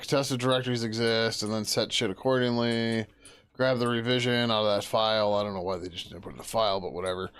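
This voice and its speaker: Here a man with a smooth, medium-pitched voice streams himself coding. As he works through the code he talks it out, mumbling under his breath, letting sentences fade, and dropping the odd casual curse.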